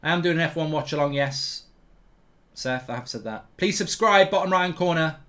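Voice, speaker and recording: A man's voice: on the high side, a bit bright. Chatty man hosting a football watchalong. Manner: reads viewer comments aloud and answers them; chatty, opinionated, quick asides. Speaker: host. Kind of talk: live football watchalong chat.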